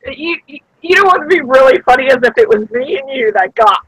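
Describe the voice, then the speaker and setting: Woman co-host, high and animated, giggles and trails off mid-thought. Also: slightly rough, no room sound, rough recording. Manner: giggly, halting, many fillers. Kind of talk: casual group chat.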